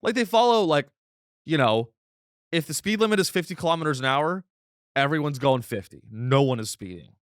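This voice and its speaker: A man hosting a comedy podcast, delivering a deadpan, rambling satirical monologue full of restarts. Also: mid-range voice, moderate pace, smooth, no room sound, clean studio sound. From United States.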